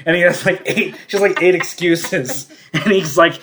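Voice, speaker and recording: A man's voice: high-pitched, moderate pace, a bit bright, a little hiss or hum. A man co-hosting a casual podcast chat, retelling comic book scenes in a rambling way, full of fillers and chuckles. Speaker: podcast co-host.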